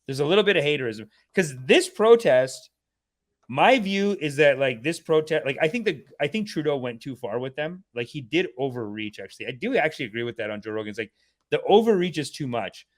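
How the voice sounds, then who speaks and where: Canadian guy reacting on a livestream, kinda high voice, swearing and cracking up. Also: fairly quick. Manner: animated, profane, laughing rant. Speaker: comedian host.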